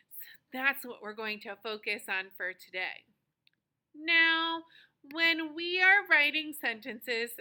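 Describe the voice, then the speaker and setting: A woman teaching a lesson to young children, cheerful and encouraging, with a sing-song delivery and slow, deliberate phrasing. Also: high-pitched, sharp tone, poor audio.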